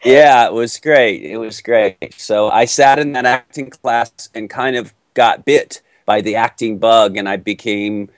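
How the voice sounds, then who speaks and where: A middle-aged man from Texas, an actor answering interview questions in a playful, animated storytelling way. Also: medium pitch, measured pace, few pauses, dry recording.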